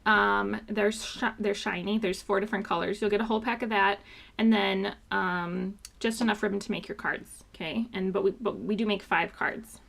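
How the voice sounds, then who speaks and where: A woman's voice: mid-range voice, fairly even intonation, moderate pace, creaky, a bit bright. A woman hosting a live card-making class, chatting casually and showing each sample card. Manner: chatty, upbeat, loose with fillers. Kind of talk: live craft class walkthrough.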